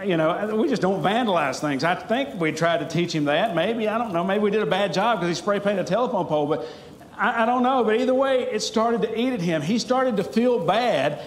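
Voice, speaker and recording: Preacher guy, high voice, earnest and pleading, bit of wry humor, echoey church room. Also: a little hiss or hum. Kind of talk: sermon. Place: church sanctuary.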